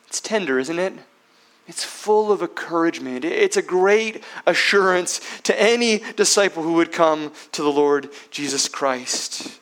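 A man's voice: sits high, a bit bright. A man preaching a sermon as pastor who keeps asking his listeners rhetorical questions, often ending with tag questions.

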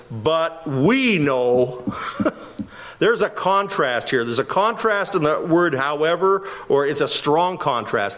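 Lively, animated male Bible teacher. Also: on the high side. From Winnipeg, Canada. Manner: animated, emphatic, chuckles often. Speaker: pastor.

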